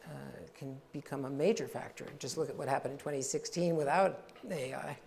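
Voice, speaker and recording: A woman's voice: extremely low pitch, brisk, creaky, a little mellow. An older woman interviewing a guest on stage, asking questions in a chatty, conversational way. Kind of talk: panel interview.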